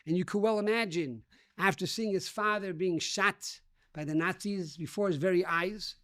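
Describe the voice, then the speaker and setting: A man's voice: high-pitched, normal speed, sharp tone, no echo, studio quality. A rabbi giving a sermon, telling a story and addressing his listeners as dear friends.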